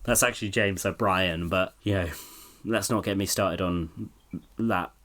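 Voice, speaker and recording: A man's voice: sits low, fairly even intonation, unhurried, fairly bright tone. A British man co-hosting a political podcast, talking in a sardonic, profane way and laughing often. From Britain. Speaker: podcast co-host. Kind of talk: casual political podcast chat.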